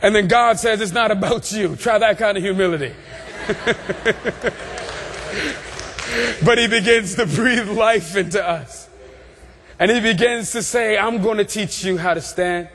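A man preaching a sermon with passion, building through repeated phrases and rising to shouts. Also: high-pitched, normal speed, slight background noise. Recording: long reverb of a large hall.

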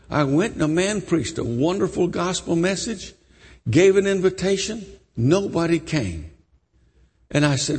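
Gravelly preacher man in echoey hall. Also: on the high side, moderate pace, long pauses. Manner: animated storytelling with repeats and restarts. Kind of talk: sermon storytelling.

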